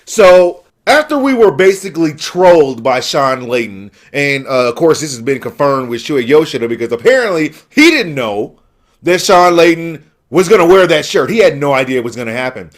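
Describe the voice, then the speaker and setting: A man's voice: fairly high pitch, lively intonation, normal speed. A man ranting heatedly about a gaming event, exasperated and sarcastic. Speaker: gaming vlogger. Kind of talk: angry rant.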